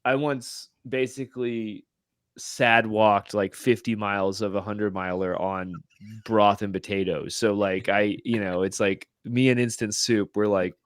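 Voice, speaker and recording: Man, podcast guest, rambling, lowish voice, dry close sound. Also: steady tone, unhurried, no room sound. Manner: rambling, full of fillers. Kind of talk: casual chat.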